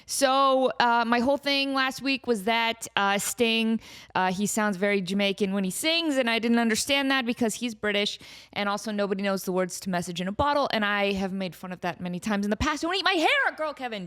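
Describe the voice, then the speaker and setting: A woman's voice: medium pitch, brisk, fairly bright tone, smooth. Chatty woman hosting a solo podcast. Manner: chatty and self-deprecating, breaks off to scold her cat. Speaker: podcast host. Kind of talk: casual solo podcast chat.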